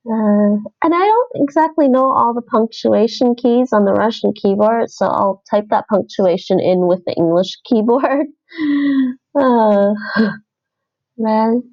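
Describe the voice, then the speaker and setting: A woman talks her way through language-app exercises on a livestream, thinking aloud and fixing her own slips. Her voice has a gravelly fry and an unhurried pace. The stream audio sounds dull and lo-fi. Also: on the high side. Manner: thinks aloud, chatty, self-correcting. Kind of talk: casual livestream commentary while doing app lessons.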